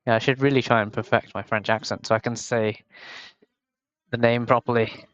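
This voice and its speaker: A man's voice: mid-range voice, steady tone, moderate pace, fairly bright tone, clear, resonant tone, no echo, dull audio. A young man from the UK on a headset mic, casually commentating a game tournament alone, rambling and poking fun at himself. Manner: rambling, self-mocking, chatty.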